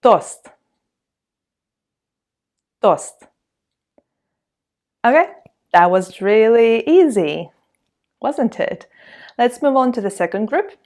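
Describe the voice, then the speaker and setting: A woman's voice: a little high, lively intonation, darkish tone. A woman from Russia with a Russian accent, teaching a language lesson in a patient, encouraging way. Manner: patient, encouraging, reads words slowly for repetition.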